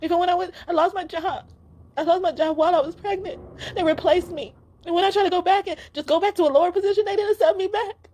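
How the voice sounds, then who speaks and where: A woman's voice: extremely high pitch, steady tone, fast, darkish tone. A young woman giving a casual spiritual card reading, talking in an earnest, emotional, pleading way.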